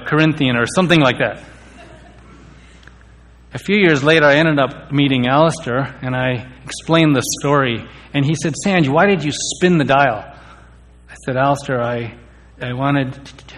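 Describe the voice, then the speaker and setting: A man's voice: mid-range voice, a bit bright. A man telling his personal faith testimony in an earnest way, sometimes stammering on key words. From India. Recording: long reverb of a hall.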